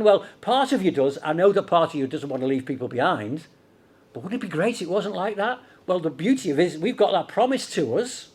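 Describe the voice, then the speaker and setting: A man's voice: a little high, animated, fast talker, a little mellow, breathy edge. A middle-aged man from Liverpool with a Scouse accent, preaching a sermon in a conversational way with rhetorical questions. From Liverpool, England.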